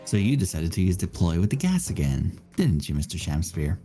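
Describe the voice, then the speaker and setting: A woman voicing a stern male lawyer who lays out an accusation deliberately. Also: a bass voice, sing-song, dark tone, soft background music. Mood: accusing.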